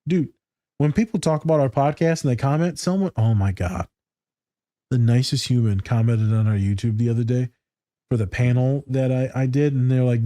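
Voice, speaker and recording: A man with a warm, mellow voice chats casually on a podcast, getting excitable and swearing freely. His voice is mid-pitched and sounds dry and close, with no room around it. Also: normal speed, dry recording. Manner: excitable, profane, laughs often. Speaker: podcast co-host.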